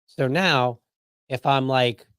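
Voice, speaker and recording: A man's voice: mid-range voice, takes it slowly, fairly bright tone, smooth, dry recording, clean studio sound. A man hosting a podcast, giving casual political commentary with conversational hyperbole and frequent asides. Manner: conversational, hyperbolic, keeps asking "right?". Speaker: podcast host.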